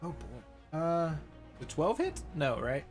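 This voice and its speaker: A man narrating a tabletop role-playing game as game master, telling the action in a lively way and laughing often. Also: on the high side, unhurried, over music. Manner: animated, laughing storyteller.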